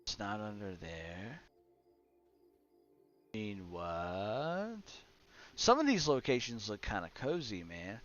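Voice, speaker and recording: A man's voice: on the low side, big pitch swings, takes it slowly, long pauses, fairly bright tone. A young man streaming a game, muttering casually to his chat and swearing at the menus. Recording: slightly dull lo-fi stream audio with faint music.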